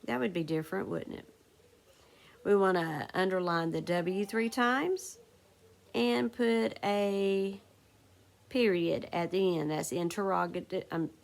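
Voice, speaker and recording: A woman's voice: on the low side, measured pace, creaky, long pauses. A woman teacher leading a recorded phonics lesson for second graders, patiently asking the class questions and answering them herself.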